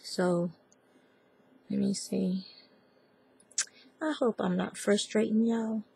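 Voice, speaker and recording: Gravelly Southern woman teaching crochet. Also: mid-range voice, fairly even intonation, slow, warm tone, no room sound. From American South. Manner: chatty, digressive, talks to viewers as y'all. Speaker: crochet tutorial maker. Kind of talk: casual crafting tutorial.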